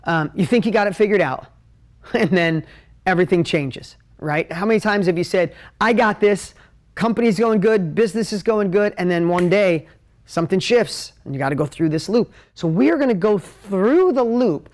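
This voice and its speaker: A man teaching at a whiteboard on a live stream, emotional and animated, jumping between ideas and talking straight to his viewers. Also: high-pitched, normal speed. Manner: talks straight to viewers, asks for comments. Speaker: business coach hosting a live stream.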